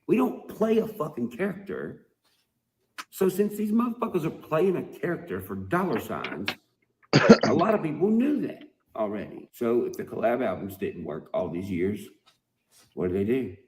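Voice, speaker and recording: A man's voice: medium pitch, very animated, moderate pace, a little mellow. A man ranting to his fans in a heated, profane, mocking monologue. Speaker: rapper speaking to fans.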